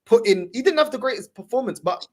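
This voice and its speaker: A young man hosting a casual football debate, arguing his points with animated, emphatic bursts. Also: very high voice, fast. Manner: animated, argumentative, rising to emphatic peaks. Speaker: podcast host.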